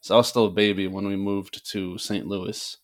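A man from the American Midwest, an author guesting on a casual podcast, easygoing and quick to laugh. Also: lowish voice, flat delivery.

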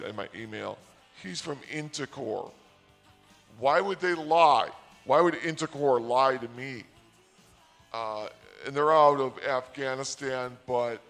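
A man telling a comic story in a deadpan, mock-naive, sarcastic way. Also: medium pitch, creaky. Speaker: podcaster. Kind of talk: comedic storytelling monologue.

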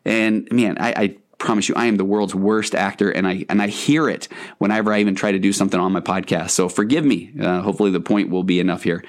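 A man's voice: lowish voice, a little fast. A man hosting a podcast as a counselor, talking in an earnest, conversational and meandering way. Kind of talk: podcast monologue.

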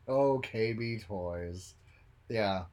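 A man co-hosting a podcast in casual chat, animated and jokey, who talks about his own film work. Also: on the low side, extremely slow. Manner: animated, jokey, bursts into silly voices. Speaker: podcast co-host.

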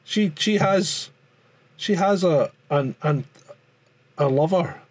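Scottish guy on a podcast, kinda husky, rambles and repeats himself. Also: a little high, slow pace. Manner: rambling, repeats words, frequent restarts. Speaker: podcast co-host. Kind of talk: casual chat.

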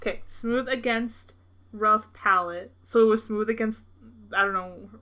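A young woman co-hosting a podcast in casual chat, amused and thinking out loud as she talks through a story. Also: medium pitch, measured pace, background noise. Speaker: podcast co-host.

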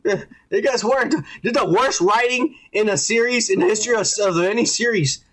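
A man co-hosting a podcast, ranting profanely in casual chat and acting out scenes in quick quoted voices. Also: high voice, fairly bright tone. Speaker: podcast co-host.

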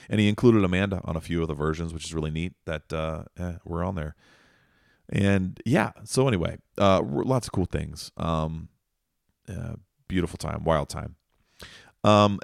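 Man, podcast host, very low voice, dry close sound, rambling jokes and tangents. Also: vocal fry, no room sound. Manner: rambling, jokey, wandering off on tangents. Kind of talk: casual podcast update.

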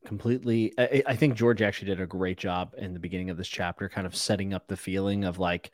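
A man co-hosting a casual book discussion podcast, giving blunt, animated opinions. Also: low-pitched, fast, no echo, clean studio sound. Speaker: podcast co-host.

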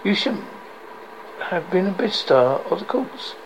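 A man's voice: sits high, sing-song, unhurried, slight background noise, voice pushed up, rough recording. A man voicing a scheming, cruel old nobleman in a novel reading, silky and mocking.

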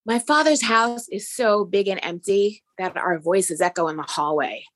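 Woman, mid pitch, descriptive storytelling, lightly amused. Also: normal speed. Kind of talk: personal story told on stage.

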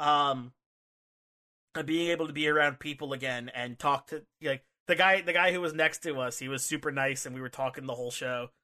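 Man, podcast co-host, bright forceful tone, excitable, rambling, lots of fillers, close mic. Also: a little high, fairly quick. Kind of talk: casual chat. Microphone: studio microphone.

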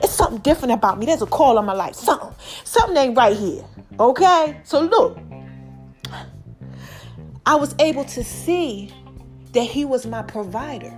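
Female podcast host, high-pitched, animated testimony style, speaks straight to listeners. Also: normal speed, pauses often, faint music behind. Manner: expressive, preachy, talks straight to listeners. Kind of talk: casual testimony monologue.

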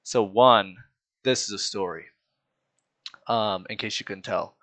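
A man's voice: lowish voice, measured pace, a bit bright. A young man telling a childhood story in casual podcast chat, laughing often and acting out the other people's voices. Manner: laughs often, acts out voices in his stories.

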